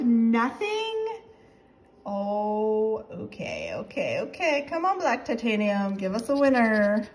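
A woman calling out numbers as she scratches lottery tickets, excitable and quick to laugh. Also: on the high side. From North Carolina. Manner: reads numbers aloud, excitable, laughs often. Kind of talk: casual commentary while scratching tickets.

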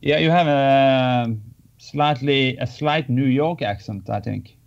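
A man's voice: medium pitch, slow, vocal fry. A man from Norway with a Norwegian accent, a mild panel guest in a casual chat. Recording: dull lo-fi sound.

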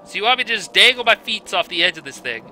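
Bright, high-pitched exasperated gamer man. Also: big pitch swings, fast talker, slight background noise. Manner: exasperated, swearing, yelling at the game. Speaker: let's play gamer. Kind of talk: blind let's play commentary.

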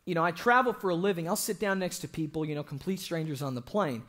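A young man preaches in a church with a high, lively voice that leaps up and down. He jokes with the congregation and breaks into shouts to drive home a point. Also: quick pace. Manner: animated, joking, bursts into shouting. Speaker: evangelist. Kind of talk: sermon.

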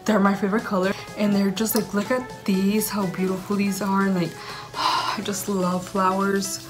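Young woman vlogging at home, gushy and rambly, says like a lot, mid pitch, music in the back. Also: little pitch movement, moderate pace. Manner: gushing, rambling, full of "like". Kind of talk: casual chat to camera.

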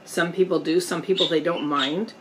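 A woman vlogger chatting casually while eating on camera at home, pausing often to savor her food. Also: on the low side, fairly even intonation, background noise. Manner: slow, chatty, pauses to eat and savor. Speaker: mukbang vlogger. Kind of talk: casual eating vlog chat. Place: indoors at home, storm outside.

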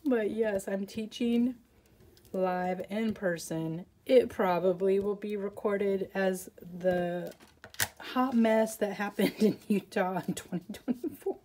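Mellow-voiced chatty woman crafter. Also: mid-range voice, slow pace, slight background noise. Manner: chatty, rambling with self-deprecating asides. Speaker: papercraft tutorial host. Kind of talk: casual craft tutorial.

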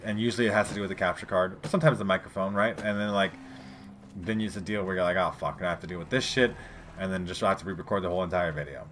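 Chatting with his audience, a let's play gamer who's an adult parent rattles off rambling, profanity-laced commentary on his game. He speaks rapid-fire in a low, steady voice that's a bit bright, over slight background noise.

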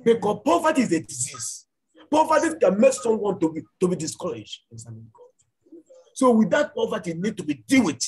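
A man's voice: sits high, very animated, fairly quick, husky, poor audio. A man preaching a church sermon and leading fervent prayer, repeating his lines again and again. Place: church service.

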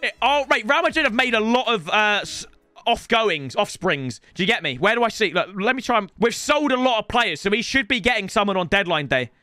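A young man giving excitable, swear-filled commentary on his football video game, often yelling at the game. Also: high voice, brisk, no echo, soft background music. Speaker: gaming YouTuber. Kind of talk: let's-play gaming commentary.

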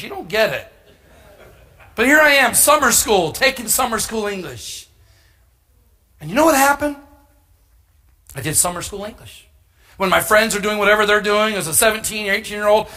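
A middle-aged male pastor preaching a storytelling sermon, humorous and animated, bursting into emphatic shouts. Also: high voice, brisk.

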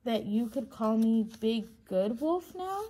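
A woman voicing a big male wolf who is lonely and trying to be good, speaking politely and gently. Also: on the high side, expressive, unhurried, background noise. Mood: gentle.

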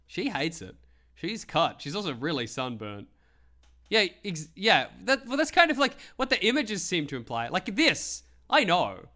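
Animated bright-voiced man streaming. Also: high voice, measured pace. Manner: animated, laughing, mock-outraged, swearing freely. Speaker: livestream host. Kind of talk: comedic live-stream commentary.

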